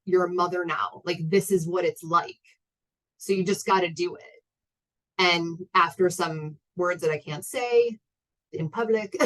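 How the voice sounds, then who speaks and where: A woman in her thirties shares a personal story with an audience in a candid, rambling way, full of fillers and restarts. Her voice sits a little low for a woman. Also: low-quality recording. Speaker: guest speaker.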